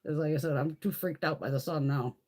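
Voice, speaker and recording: A woman's voice: low voice, a little fast, a little mellow. A woman casually chatting on a live beauty stream, rambling and swearing a lot. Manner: chatty, laughs often.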